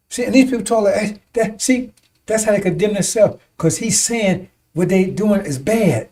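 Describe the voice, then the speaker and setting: Heard from a distant mic, a man with a high but dark-toned voice preaches to a congregation at normal speed in rambling commentary. He stumbles over and repeats words, chuckles between points, often asks "see?", and turns emphatic at times.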